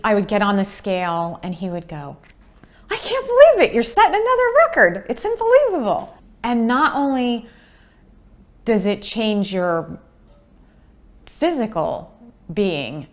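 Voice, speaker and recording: A woman in her fifties telling her own story in a testimonial interview, earnest and unhurried. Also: mid-range voice. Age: 50s. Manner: earnest, unhurried, acts out quoted voices. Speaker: patient sharing her story.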